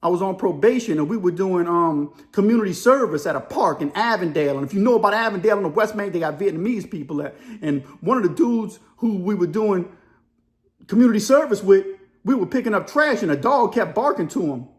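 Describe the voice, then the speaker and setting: A man's voice: high-pitched, animated. A middle-aged man with a New Orleans accent, reacting to a news story in casual, slangy talk. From Louisiana, New Orleans area. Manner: casual storytelling, drawling slang, quick laughs. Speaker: commentary video host. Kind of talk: reaction commentary.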